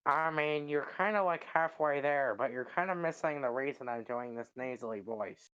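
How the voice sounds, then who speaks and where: A man's voice: medium pitch, moderate pace, sharp tone, smooth, highs cut off, lightly acted. A man voicing a grumpy cartoon squid turned angry race car driver, using a nasal put-on voice in improv comedy.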